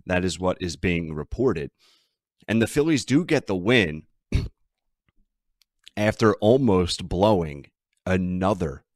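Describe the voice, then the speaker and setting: A man's voice: low-pitched, dry recording, clean studio sound. A man hosting a sports betting podcast, ranting and emphatic as he talks through his team's troubles. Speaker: podcast host.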